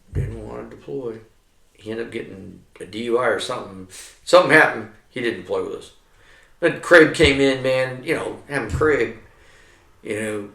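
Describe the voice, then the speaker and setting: A man's voice: medium pitch, creaky, fairly bright tone. A middle-aged man, an army veteran, telling rambling war stories in casual chat, swearing constantly. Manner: profane, rambling, heavy swearing. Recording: echoey room.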